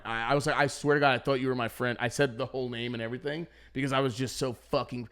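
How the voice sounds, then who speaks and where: A man's voice: medium pitch, fast, few pauses. A man in his thirties co-hosting a podcast, telling stories in casual chat and acting out his own panicked voice. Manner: animated storyteller, acts out his own panicked voice. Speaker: podcast co-host.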